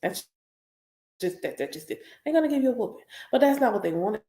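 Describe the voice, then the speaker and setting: Animated woman preaching in an echoey room. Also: a little high, brisk. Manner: animated and emphatic, repeats points for stress. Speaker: spiritual teacher reacting live. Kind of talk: live reaction stream, preachy casual talk.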